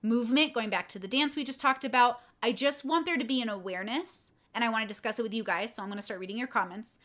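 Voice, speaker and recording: A woman's voice: a little high, quick pace, a bit bright. A young adult woman casually telling a personal story on a livestream, candid and rambling with many fillers. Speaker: content creator and streamer.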